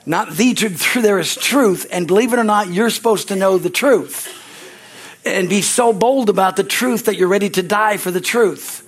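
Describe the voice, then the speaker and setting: High-voiced preaching pastor. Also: male voice, normal speed. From United States. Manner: excitable preaching, rising to loud exclamations; repeats phrases for emphasis, calls for amens. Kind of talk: sermon.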